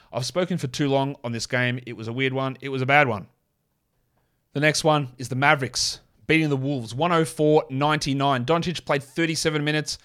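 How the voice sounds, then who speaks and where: A man hosting a casual sports show, reading off stats quickly with blunt, sarcastic commentary. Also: medium pitch, fairly bright tone. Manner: blunt, sarcastic, rapid-fire stat reading. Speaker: podcast host.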